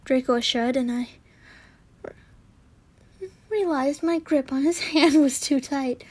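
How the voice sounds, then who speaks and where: A woman's voice: high voice, unhurried, darkish tone. A young woman reading fanfiction aloud, acting out the characters and often stopping to laugh and comment. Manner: giggly, breaks off to comment and laugh. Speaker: fanfiction reader.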